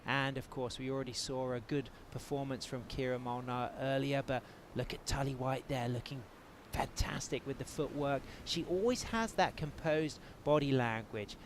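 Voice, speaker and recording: An English-accented man calls a surf contest live, his play-by-play flowing steadily at a middle pitch. A faint hum of outdoor noise sits behind his voice. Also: moderate pace. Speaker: surf commentator. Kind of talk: live sports commentary.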